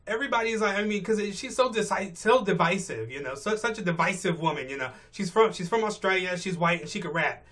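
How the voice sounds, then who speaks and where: A man's voice: high-pitched, expressive, quick pace, hardly any pauses, fairly bright tone. A male vlogger giving blunt, profane, exasperated rant commentary from his car on a morning commute. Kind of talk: ranting commentary.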